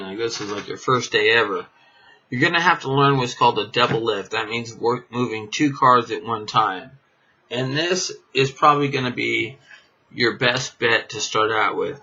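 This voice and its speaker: A man's voice: mid-range voice, bright, forceful tone. A man teaching a card trick in a casual, rambling way, full of fillers and chuckling at himself. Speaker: magic teacher. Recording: dull lo-fi camera audio.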